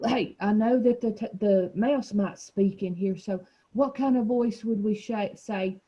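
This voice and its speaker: A woman's voice: medium pitch, unhurried, warm tone, husky. A woman who teaches a children's reading group. She prompts and encourages the children patiently. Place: classroom. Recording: dull lo-fi classroom recording.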